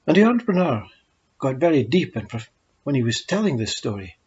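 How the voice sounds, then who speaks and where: A man telling short parables in a calm, measured storytelling voice. His voice is husky and breathy. The recording is dull and lo-fi. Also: medium pitch. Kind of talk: spoken parables.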